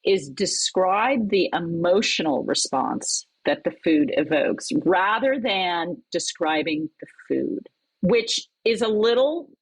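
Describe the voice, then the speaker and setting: A woman who teaches cookbook writing, talking in an animated, conversational way as a podcast guest. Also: on the low side, slow pace, husky, no echo, rough recording. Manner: animated, lively storyteller with laughs. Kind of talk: conversational interview.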